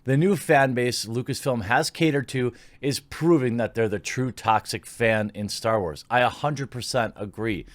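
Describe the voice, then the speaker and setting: A man's voice: mid-range voice, normal speed, hardly any pauses, no echo. Sarcastic male commentator, dry close sound. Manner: sarcastic, indignant. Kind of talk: opinionated commentary reading posts aloud.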